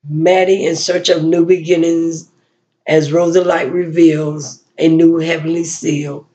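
A woman giving a spoken-word poetry recital and a personal reflection, with slow, measured delivery, pausing often and restarting phrases. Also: deep voice, flat delivery, dark tone, highs cut off.

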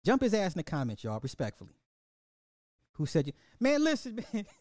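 A man's voice: high-pitched, a little fast, noisy background. Profane, fired-up man ranting on a podcast. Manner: profane, animated, repeats and restarts a lot; talks straight to the audience, laughs at his own points. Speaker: podcast host. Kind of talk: live-stream social commentary rant.

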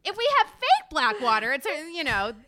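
A woman guesting on a podcast, talking in an animated, profane stream full of "like". Her voice sits high and swoops around. The tone is bright and forward. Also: moderate pace, slight background noise. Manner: animated, swears freely, many likes. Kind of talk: casual podcast chat.

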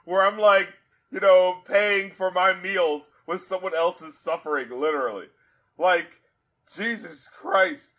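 A man hosting a casual album review podcast, animated and profane, quoting lyrics aloud and laughing often. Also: high voice, takes it slowly.

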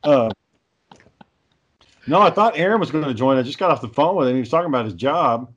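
A man's voice: medium pitch, animated, a little fast, lo-fi sound. A young man telling stories in a casual chat, rambling and swearing, acting out what people said. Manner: rambling storytelling, heavy swearing, acts out quotes.

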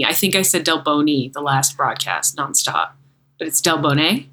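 An American woman, an MMA commentator co-hosting a fight-sports podcast, talks casually, rambling, poking fun at herself, and laughing often. Her voice is low, expressive, pushed and bright at normal speed, and the recording is rough.

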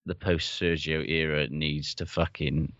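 A man's voice: extremely low pitch, little pitch movement, unhurried, fairly bright tone, no echo. A man co-hosting a rugby podcast, talking bluntly and swearing a lot. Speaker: podcast co-host. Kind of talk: casual chat about rugby. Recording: dull, dry lo-fi sound.

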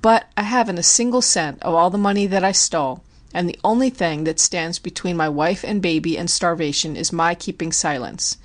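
A woman's voice: on the low side, normal speed, natural voice. A woman reading a frail, remorseful male convict. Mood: pleading. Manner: trembling, pleading.

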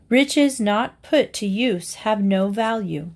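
A woman narrating classic fables aloud for listeners. She reads slowly and deliberately, pausing to give each moral its weight. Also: medium pitch, lively intonation, darkish tone. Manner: slow, deliberate reading aloud. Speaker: reader. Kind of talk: storybook narration.

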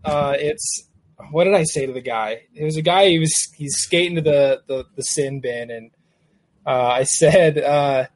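A man chatting casually, hesitant and searching for words, filling pauses with ums. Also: fairly high pitch. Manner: hesitant, many fillers. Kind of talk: casual chat.

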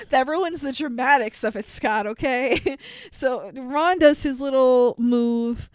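A woman with a fairly high, smooth, clean voice retells a film scene by scene, animated and swearing freely. Her voice sits close to the mic, dry with no room sound at all. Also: slow pace, dry recording. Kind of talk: casual movie recap.

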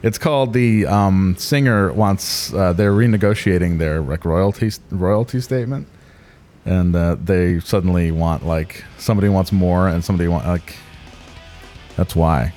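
A man in his forties hosting a casual podcast chat, excitable and profane, laughing often. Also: low-pitched, normal speed, soft background music. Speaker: podcast host.

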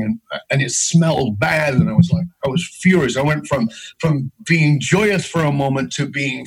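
Husky guy, middle-aged, telling his story with big emotional swings. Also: low-quality recording. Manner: intense, emphatic storytelling with big pitch swings. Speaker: guest, leadership speaker. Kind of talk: storytelling interview.

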